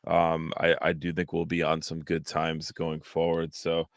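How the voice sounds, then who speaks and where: A man hosting a casual soccer podcast from a spare room at home, relaxed and rambling with fillers. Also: a bass voice, measured pace, no echo, studio quality. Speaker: podcast host.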